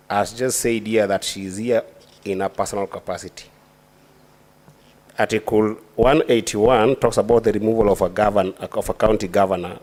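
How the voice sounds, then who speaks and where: A man, a senator questioning a witness at a formal impeachment hearing. He speaks deliberately and legalistically, often restarting his sentences. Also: on the low side, a little mellow.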